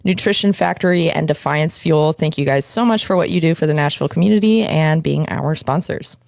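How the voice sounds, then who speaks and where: A woman's voice: low-pitched, brisk, creaky, a little mellow, dry recording. Laughing, self-mocking woman podcast co-host. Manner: laughing, self-deprecating, rambling. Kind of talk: casual podcast banter. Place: podcast studio.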